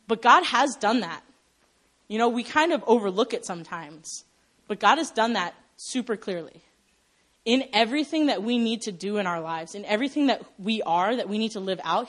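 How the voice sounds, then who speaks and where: Lively young woman preaching a sermon. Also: mid-range voice. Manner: lively storytelling, acts out quotes, laughs at herself.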